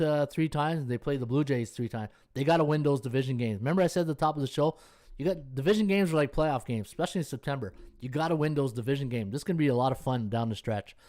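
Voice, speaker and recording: A man's voice: medium pitch, darkish tone. A man hosting a sports betting podcast, rambling casually as he thinks aloud, checks schedules on screen and talks to his chat viewers. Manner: many fillers and restarts, checks schedules on screen. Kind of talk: casual live-stream chat.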